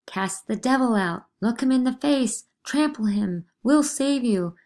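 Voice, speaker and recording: A woman's voice: expressive, unhurried, a little mellow. A woman reading a play aloud, voicing a scheming teenage girl who shrieks in feigned terror. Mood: shrieking. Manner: shrill, screaming.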